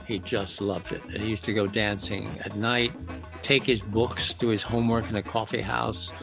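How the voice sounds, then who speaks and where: A man, a music producer and author, answering interview questions in a reflective, storytelling way. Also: on the low side. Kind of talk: interview conversation.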